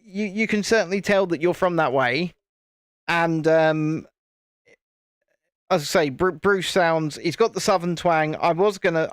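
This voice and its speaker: A British man chats casually as he hosts a live stream, his talk meandering with many restarts. His voice sits a little higher than most men's, and the sound is dry and close. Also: no echo. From United Kingdom. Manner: rambling, chatty, frequent restarts. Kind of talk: casual live-stream chat while building.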